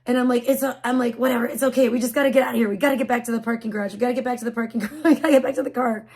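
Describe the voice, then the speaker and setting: A woman's voice: a little high, steady tone, rapid-fire, darkish tone, slightly rough. A woman live streamer telling a story in a rambling, frazzled way and swearing freely. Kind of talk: casual storytelling on a livestream.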